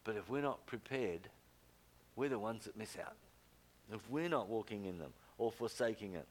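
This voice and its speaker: An older man preaching a sermon, emphatic, with loud exclamations and low quiet asides. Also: lively intonation, moderate pace.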